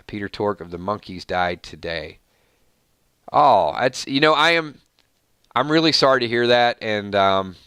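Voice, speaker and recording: Guy doing stream shoutouts, reading off names fast, bright punchy voice, dry close sound. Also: on the low side, smooth, no room sound. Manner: rattles off long lists of viewer names and thanks. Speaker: live stream host. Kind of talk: casual live stream chat.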